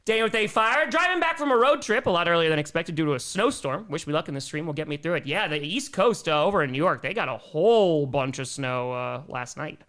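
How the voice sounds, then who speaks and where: A young man hosting a live sports stream, reading out fan donations and messages with energetic, jokey cheering. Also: a little high, a little fast, few pauses.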